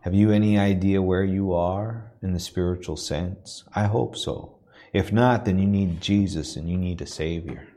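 A man preaching as a missionary in a church, telling a personal story in an earnest, halting way that builds to a preaching cadence. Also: low-pitched, dark tone.

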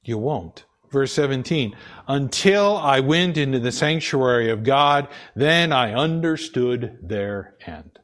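A man's voice: mid-range voice, lively intonation, takes it slowly, a bit bright. A man preaching a sermon, repeating key phrases for emphasis and often stumbling and restarting. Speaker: pastor.

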